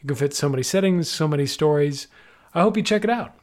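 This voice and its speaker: A man's voice: a little high, quick pace. A man running an improvised tabletop game as game master, narrating with playful energy.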